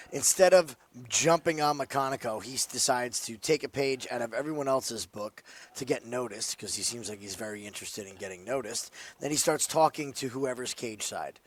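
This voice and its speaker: Man trading casual fight-betting picks. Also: mid-range voice. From New Jersey. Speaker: sports betting analyst. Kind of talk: casual podcast chat.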